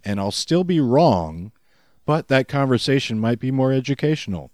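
A man's voice: medium pitch, very animated, normal speed, a little mellow, no echo. A man co-hosting a podcast in casual chat, with a dry, self-mocking manner. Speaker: podcast co-host.

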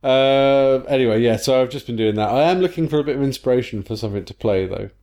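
A man's voice: medium pitch, quick pace, darkish tone. A man co-hosting a podcast in casual chat, rambling and laughing often. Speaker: podcast co-host.

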